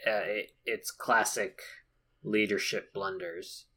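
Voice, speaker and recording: A man co-hosting a podcast in casual chat, nitpicking details in an expressive way. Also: fairly low pitch, takes it slowly, slightly rough. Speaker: podcast co-host.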